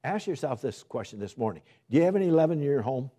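A man's voice: medium pitch, sing-song, fast talker, dark tone, husky. A man preaching a sermon, putting questions to the congregation, answering them himself and repeating his exhortations with urgency.

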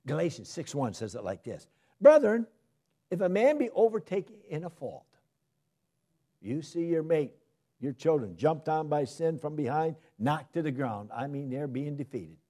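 Male preacher, lively pitch, mellow husky tone, delivers a sermon with swings between loud emphasis and soft asides. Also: normal speed.

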